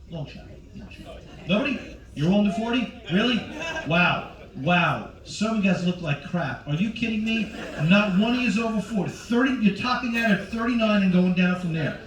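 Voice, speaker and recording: A man's voice: high-pitched, reverberant, recorded from a distance, low-quality recording. A man in his forties doing stand-up on a cruise ship, brashly teasing the live audience. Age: 40s. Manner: brash, teasing, talks to the crowd. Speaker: stand-up comedian. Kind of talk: stand-up comedy with crowd work.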